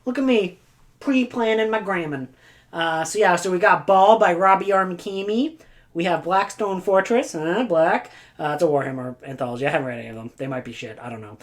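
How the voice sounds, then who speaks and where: Woman vlogging about books, lowish voice, rambly and goofy, lots of uhs. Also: fairly quick. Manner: rambling and goofy, with silly asides and sound effects; frequent filler words. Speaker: book vlogger. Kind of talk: casual chat.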